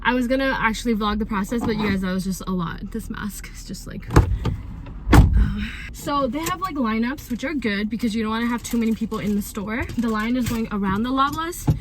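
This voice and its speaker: A woman's voice: fairly high pitch, brisk. Young woman vlogger, casual and chatty with "like" fillers, phone mic with road noise behind her. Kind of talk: casual vlog chat. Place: in a car, then outdoors by a store. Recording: noisy outdoor and car phone audio. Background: car and street noise.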